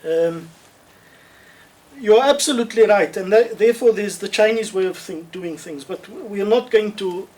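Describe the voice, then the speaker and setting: A man answers questions in an online webinar, speaking in a measured, thoughtful way with restarts and emphatic repetition, over a video call. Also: sits high, a little mellow, far from the mic, poor audio. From South Africa.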